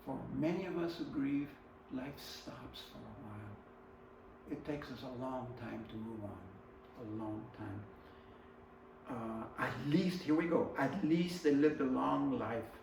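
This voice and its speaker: A man giving a heartfelt instructional talk on grief, earnest and personal, swinging between emphatic stresses and quiet passages. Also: mid-range voice, animated, unhurried, creaky, reverberant, far from the mic, noisy background. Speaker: grief support presenter.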